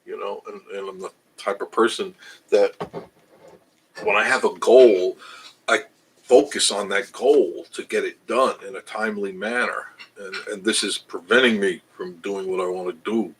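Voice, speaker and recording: An older man with a fairly low voice chats on his livestream, reading viewer comments aloud. He rambles, starts over, and laughs at himself as he talks. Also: steady tone, normal speed, a bit bright, a little hiss or hum, poor audio. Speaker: travel channel host reading live chat. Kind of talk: casual livestream chat.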